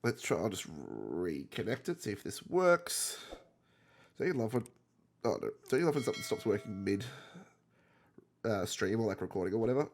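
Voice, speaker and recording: A man's voice: on the low side, sing-song, moderate pace, pauses often. Nasal, sick man rambling through game commentary. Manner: rambling, self-correcting, chatty. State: sick with a cold. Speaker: gaming content creator. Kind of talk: casual gameplay commentary.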